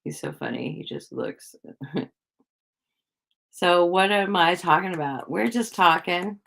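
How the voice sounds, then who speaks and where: Low, gravelly-voiced woman chatting on a livestream. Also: animated, measured pace, fairly bright tone. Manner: rambling, filler-heavy, giggly. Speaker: psychic livestreamer. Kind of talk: casual livestream chat.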